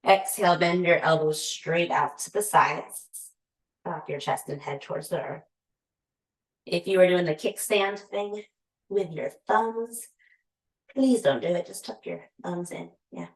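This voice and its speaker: A woman guiding a yoga flow, her voice on the lower side as she steadily calls out poses and breaths. She drifts into easygoing, laughing asides between cues. The sound carries the echo of a roomy space. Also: unhurried. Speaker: yoga instructor. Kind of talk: guided yoga class cueing. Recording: echoey room.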